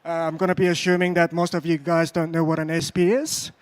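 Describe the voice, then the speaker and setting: A man from Australia with an Australian accent giving a conference talk on stage, speaking slowly and carefully with frequent fillers. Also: a little high, flat delivery, dry recording. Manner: deliberately slow, careful delivery with frequent "uh" fillers.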